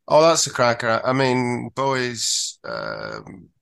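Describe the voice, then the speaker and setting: Affable male radio-style host, mid-pitched, dry studio sound. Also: wildly swooping pitch, slow, vocal fry, a bit bright, clear, resonant tone, no echo. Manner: affable, lots of "mm-hmm" backchannel. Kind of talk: casual interview chat.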